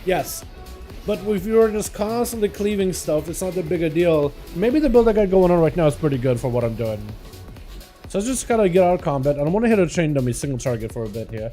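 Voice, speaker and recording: A man's voice: a little high, animated, fast talker, warm tone, soft background music. A man hosting a livestream, talking casually through his gameplay and greeting viewers by name. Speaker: livestream host. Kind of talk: casual live gameplay commentary.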